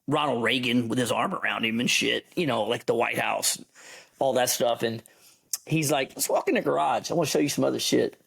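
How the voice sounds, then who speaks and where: A middle-aged man, an army veteran telling a story as a podcast guest in an animated, profane way. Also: mid-range voice, vocal fry, slightly rough. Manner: animated, profane yarn-spinner. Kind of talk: casual storytelling.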